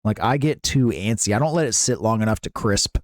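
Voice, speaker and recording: A man's voice: on the low side, expressive, fairly quick, no room sound, studio quality. A man hosting a live stream, chatting casually with viewers in a playful, jokey way and often laughing.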